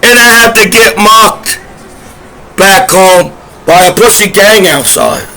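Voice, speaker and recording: A man's voice: sits high, slow pace, bright, forceful tone, low-quality recording. A man vlogging to camera in a rambling, aggrieved, repetitive rant. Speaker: vlogger, disabled combat veteran. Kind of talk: rambling direct-to-camera monologue.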